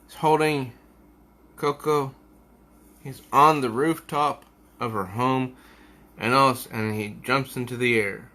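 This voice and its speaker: Slow-talking man reviewing comics. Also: medium pitch, fairly even intonation, bright, forceful tone. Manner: unhurried, musing, with hesitations. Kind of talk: casual comic review, reading aloud.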